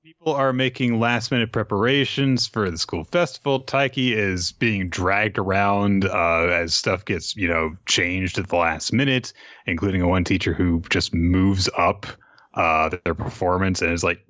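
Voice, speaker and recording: A low-pitched man recaps manga chapters in a dry, mocking way. His lo-fi mic sounds dull and very dry, with no room sound. His delivery stays conversational. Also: moderate pace, a bit bright, no room sound. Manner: dry, summarizing plot, mocking voices in quotes. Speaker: podcast co-host. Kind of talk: casual chat reviewing manga.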